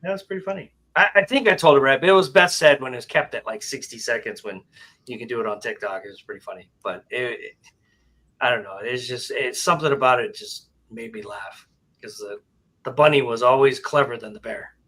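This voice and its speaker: A man in casual banter, telling an animal joke with loud voices for the characters. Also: medium pitch, fairly quick.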